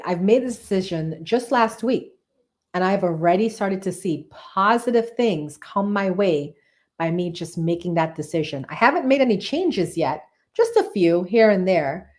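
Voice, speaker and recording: A woman's voice: fairly low pitch, expressive, normal speed, darkish tone. A woman hosting a live-stream tarot reading, chatty and enthusiastic, repeating phrases for emphasis and talking straight to her viewers.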